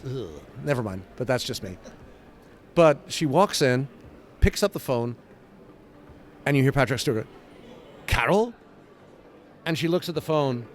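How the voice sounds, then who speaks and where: An older man from England, a comic book writer being interviewed, telling stories with lively sound effects and acted-out quotes. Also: medium pitch. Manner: animated, acts out scenes with sound effects and quoted voices. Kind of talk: casual interview storytelling.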